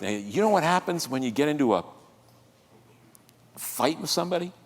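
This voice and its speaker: Male pastor, high and lively voice, conversational sermon with call-and-response, reverberant sanctuary. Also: normal speed, long pauses. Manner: animated, conversational preaching with audience call-and-response. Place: church sanctuary.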